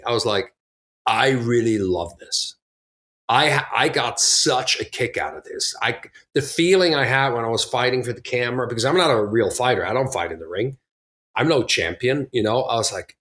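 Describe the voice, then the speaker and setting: A middle-aged man recounts his early career in a relaxed interview. He tells it animatedly, slipping into other people's lines as he goes, with an easy, casual delivery. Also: medium pitch, brisk. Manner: animated, acts out quotes from others, laughs often. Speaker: podcast guest, actor.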